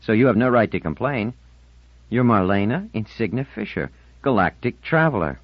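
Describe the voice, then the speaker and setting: A man's voice: fairly low pitch, animated, normal speed, no echo, pitched above the performer's own voice. A man voicing a cheerful, teasing seventeen-year-old boy in an audiobook, breezy and light. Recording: dull lo-fi audiobook recording.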